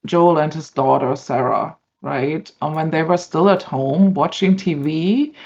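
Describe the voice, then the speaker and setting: Low, slow-speaking woman, hesitant. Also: vocal fry, darkish tone. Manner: thoughtful, hesitant with many ums. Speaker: panelist. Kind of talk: casual panel discussion. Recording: dull lo-fi stream audio.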